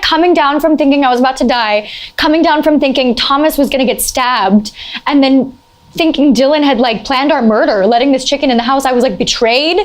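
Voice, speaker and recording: A young woman with a slightly high voice tells a casual story, animated and chatty. She leans on "like" as filler and jumps up into shrill exclamations at the big moments. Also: moderate pace, slight background noise. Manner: animated, heavy use of "like" fillers.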